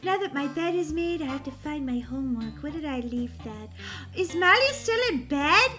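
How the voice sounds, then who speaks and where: A woman plays an earnest, helpful young sister in a kids' skit, with a high, lively voice. She is eager to help and quick to take offense. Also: soft background music, exaggerated voice.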